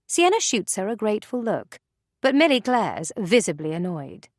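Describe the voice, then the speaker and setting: A woman narrating an audiobook in an expressive, measured way. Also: medium pitch, dry recording, studio quality.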